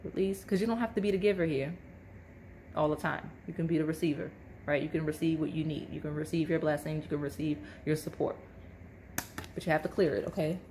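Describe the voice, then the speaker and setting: Woman with a deep voice reading tarot cards to camera, talks to you direct, lots of "right? okay?". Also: fairly quick, warm tone, slight background noise. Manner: chatty, checks in with "right?" and "okay?"; talks straight to the viewer. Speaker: tarot reader. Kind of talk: casual pick-a-card tarot reading.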